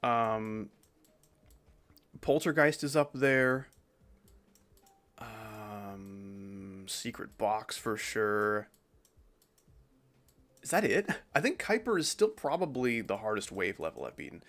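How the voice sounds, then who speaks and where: A man's voice: on the low side, animated, slow pace, pauses often, a bit bright. A man streaming a game, rambling casually as he comments on his play. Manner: rambling, chatty, swears casually. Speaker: gaming streamer.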